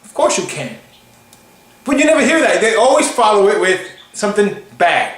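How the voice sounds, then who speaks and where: A man delivers a casual, emphatic preaching monologue and acts out short quotes. His voice sits very high for a man. The room around him is echoey. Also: big pitch swings, normal speed, a bit bright. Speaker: online preacher.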